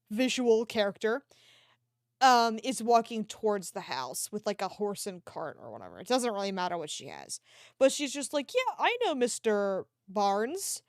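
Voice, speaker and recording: A young-sounding woman talks loosely into a desk mic, her pitch jumping up and down as she rambles through a story and swears along the way. The sound is close and dry, with no room around it. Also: clear, resonant tone, no echo. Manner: rambling, swears freely, laughs often. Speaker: art streamer. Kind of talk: casual livestream chat. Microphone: desk microphone.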